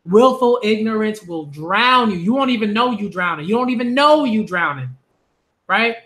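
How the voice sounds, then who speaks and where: Bright-voiced man ranting on camera. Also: high-pitched, normal speed. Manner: animated, exasperated, repeats phrases for emphasis. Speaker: manga commentator. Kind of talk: ranting commentary vlog.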